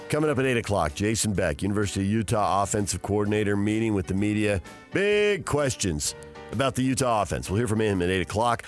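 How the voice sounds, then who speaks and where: Low-voiced male sports radio host. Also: animated, faint music behind. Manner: measured, informative. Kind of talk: sports radio hosting and reads.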